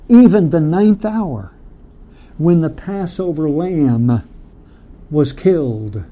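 A man teaching a Bible study sermon, slow and deliberate, asking rhetorical questions and leading the listeners in reading scripture aloud. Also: on the high side, warm tone.

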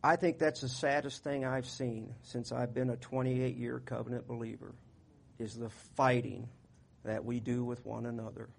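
A man preaching a sermon in a folksy, conversational way, getting louder when he reads scripture. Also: medium pitch, level tone, moderate pace, vocal fry. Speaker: pastor.

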